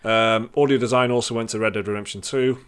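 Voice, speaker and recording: A man co-hosting a casual gaming podcast, rambling and animated, with restarts and the odd swear. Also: mid-range voice, fast talker, smooth. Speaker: podcast co-host. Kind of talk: casual chat.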